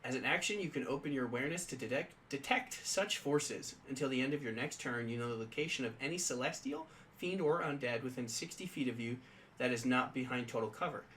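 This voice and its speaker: Man, podcast co-host, bright clear voice, reads rules out with lots of uhs, faint background hum. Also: medium pitch, brisk, low-quality recording. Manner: chatty, reads rules aloud with many fillers. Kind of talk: casual tabletop game discussion.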